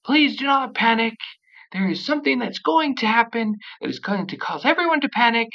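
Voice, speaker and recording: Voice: medium pitch, big pitch swings, brisk, lo-fi sound, pitched above the performer's own voice. A game master voicing a flustered female school teacher who makes over-polite, frantic announcements during tabletop role-play. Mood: frantic soothing.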